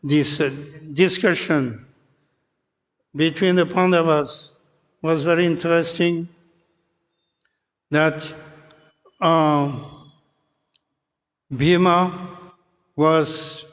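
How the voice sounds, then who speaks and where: Man, high voice, slow unhurried pace, halting with fillers, scripture lecture, long hall echo. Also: fairly even intonation. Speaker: preacher giving a scripture class. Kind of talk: scripture lecture retelling an epic. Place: temple hall.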